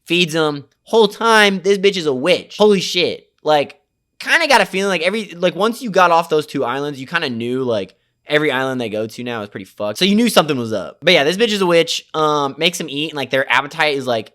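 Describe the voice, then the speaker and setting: Young man, casual movie recap, slangy, profane, rambling, smooth clear voice. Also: fairly high pitch, fairly bright tone. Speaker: movie reviewer.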